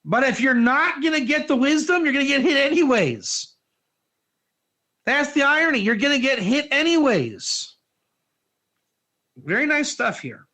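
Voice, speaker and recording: A man giving an informal Torah class, energetic and joking, putting questions to his listeners in a classroom. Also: extremely high pitch, unhurried, pauses often. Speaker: Torah teacher.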